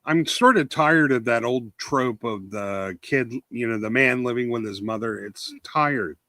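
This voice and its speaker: A man's voice: medium pitch, a little slow, sharp tone, no room sound. A man co-hosting a casual podcast chat who makes dry, critical remarks.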